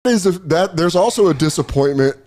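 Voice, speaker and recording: A man, a comedian, telling animated, profane stories with quick asides in casual podcast chat. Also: sits high.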